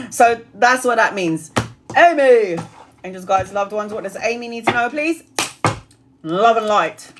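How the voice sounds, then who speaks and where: A woman in her forties doing a live-stream tarot reading, chatty and blunt, swearing casually and rattling off card meanings in quick lists. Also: on the high side, lively intonation, background noise. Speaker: tarot reader.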